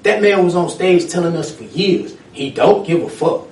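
A man in casual chat, ranting in a lively, profane way with street slang. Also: on the high side, moderate pace, slight background noise. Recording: echoey room, mic at a distance.

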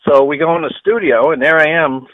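A man, a guitarist guest on an interview, telling stories and acting out quoted dialogue with lively energy. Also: a little high, a little fast, dry recording, narrow, tinny audio. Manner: animated storyteller who acts out quoted dialogue. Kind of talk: storytelling interview.

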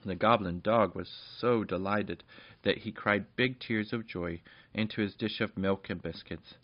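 Low-voiced man reading a children's story. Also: unhurried, dry recording, highs cut off. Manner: warm, homely reading with asides.

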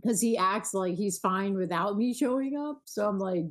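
A woman in her thirties tells lively stories about her kids in a casual podcast chat. Her voice sits at an ordinary middle pitch. She slips into quick impressions of her children as she talks. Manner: storytelling, animated quoting of her kids. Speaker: podcast co-host.

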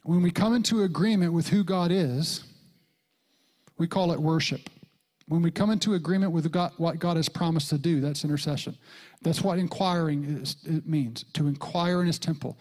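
A middle-aged man preaching a sermon as a pastor, telling a story with lively jumps in pitch and soft whispered quotes. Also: moderate pace.

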